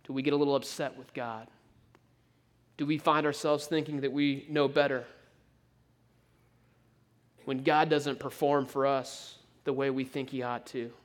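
A man preaching a sermon, telling the story in an animated way with frequent stammered restarts. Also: medium pitch, measured pace, pauses often.

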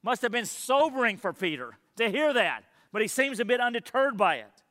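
A high, bright-voiced man delivers an earnest sermon as pastor. He presses his listeners with questions, and his voice rings out through the long reverb of a church hall. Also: very animated, normal speed. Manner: earnest preaching, rhetorical questions.

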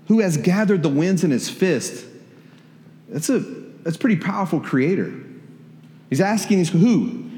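A pastor with a slightly high, warm voice preaches in a church hall, animated and at normal speed with long pauses. His sermon is conversational, repeating words and posing questions to the congregation. The hall is echoey.

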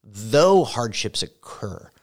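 A man preaching a sermon as pastor, speaking earnestly and directly to his listeners, rising loud and emphatic when he reads scripture. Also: lowish voice, very animated, slow.

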